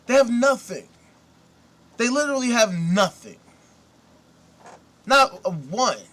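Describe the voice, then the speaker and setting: A man's voice: very high-pitched, big pitch swings, takes it slowly, fairly bright tone. A man hosting a commentary show, ranting indignantly with profanity and repeated rhetorical questions. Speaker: host. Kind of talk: casual commentary rant.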